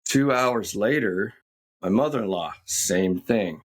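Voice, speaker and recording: A man in his thirties tells a personal story as a podcast guest. His voice sits low and he takes his time, speaking candidly and reflectively. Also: slow pace, slightly rough.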